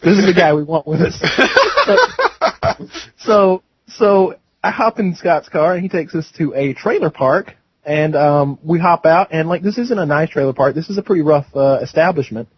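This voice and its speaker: A man's voice: fairly high pitch, moderate pace, muffled recording, slight background noise. A young man co-hosting a podcast, telling a long rambling story with bursts of laughter. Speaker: podcast co-host. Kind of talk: casual storytelling.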